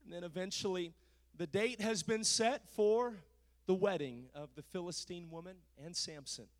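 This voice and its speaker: A man with a strikingly high voice preaches a sermon. He retells the story in easy, conversational terms, then climbs into loud, shouted exhortation. He punctuates his phrases with a breathy "uh".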